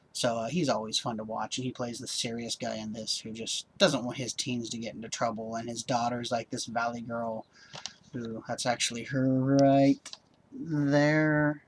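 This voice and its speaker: A man's voice: medium pitch, normal speed, slight background noise. A man casually reviewing a movie on home video, upbeat and rambling, with lots of ums and uhs. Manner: relaxed, upbeat.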